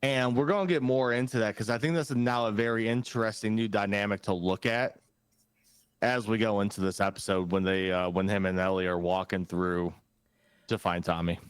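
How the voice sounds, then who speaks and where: A man's voice: lowish voice, steady tone, moderate pace, smooth, no echo. A man co-hosting a podcast, talking casually and emphatically, swearing and retelling scenes. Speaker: podcast co-host. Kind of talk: casual recap chat.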